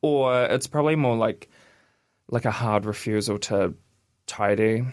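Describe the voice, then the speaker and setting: A man, co-hosting a casual radio chat and reading quiz items aloud in a steady list. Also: lowish voice, measured pace, no echo, studio quality. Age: 20s. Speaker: radio co-host. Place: radio studio.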